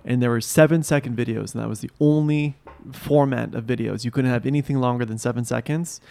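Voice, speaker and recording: Gravelly-voiced man chatting casually. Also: mid-range voice, brisk. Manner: relaxed, rambling with many fillers. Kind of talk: casual chat.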